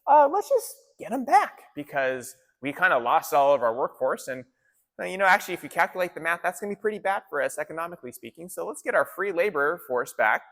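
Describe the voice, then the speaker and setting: A man's voice: fairly high pitch, big pitch swings, quick pace, fairly bright tone, in a large hall, pitched above the performer's own voice, exaggerated voice. A man voicing a calculating ancient king who talks in breezy, offhand modern slang. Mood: scheming. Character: scheming Egyptian king, casual and calculating.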